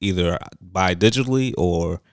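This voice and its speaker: A man's voice: low-pitched, normal speed, no room sound, clean studio sound. A young man co-hosting a casual chat, talking in laid-back slang and acting out quotes.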